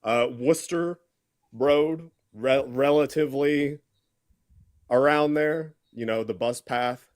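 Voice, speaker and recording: A man's voice: mid-range voice, slow. A man hosting a heated online debate. He is blunt and combative and swears freely.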